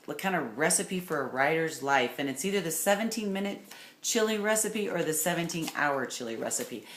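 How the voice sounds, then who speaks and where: A woman with a low voice gives a recorded lecture for an online course, rambling and enthusiastic, with many fillers and restarts. The room is echoey and there is a faint hiss behind her. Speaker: course instructor.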